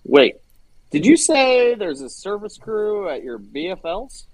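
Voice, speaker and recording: A man's voice: high-pitched, very animated, a little slow, no room sound, poor audio. A man in his thirties hosting a casual chat. He teases the others and laughs easily. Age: 30s. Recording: loud crowd noise behind.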